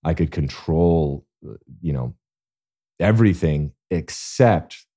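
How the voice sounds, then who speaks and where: Deep, mellow male athlete telling stories. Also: slow, breathy edge. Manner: earnest, animated storyteller. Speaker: guest, Olympic athlete. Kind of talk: casual interview storytelling.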